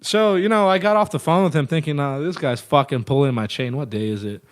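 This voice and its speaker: A man's voice: fairly high pitch, fairly quick. Laid-back, foul-mouthed man telling stories. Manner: profane, laid-back, lots of fillers. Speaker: guest, metal singer. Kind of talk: casual storytelling chat.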